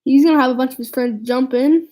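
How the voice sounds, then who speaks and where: A teenage girl with a slightly high, mellow voice tells a storytime vlog. She rambles, trips over her restarts and leans on "like" as filler. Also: fast talker, low-quality recording. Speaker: vlogger.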